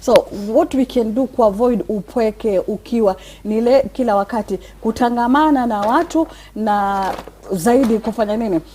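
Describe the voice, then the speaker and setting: A woman, a religious teacher, giving measured, earnest advice on a live talk show and mixing Swahili with English. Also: a little high, dark tone, slight background noise. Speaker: guest speaker, religious teacher.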